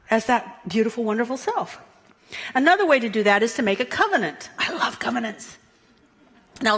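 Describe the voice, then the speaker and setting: A woman minister delivers a Sunday sermon with a bright, forceful voice. She keeps it playful and animated and chuckles at her own asides. Her words ring with the long reverb of a large church sanctuary. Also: high voice.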